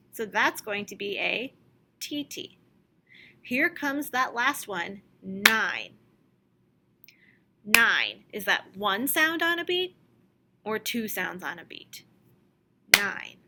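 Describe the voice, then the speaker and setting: Woman music teacher talking slow and clear to little kids, bright voice, a bit of hiss behind. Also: fairly high pitch. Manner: slow, clear and encouraging, chanting rhythm syllables. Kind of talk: recorded music lesson for young children.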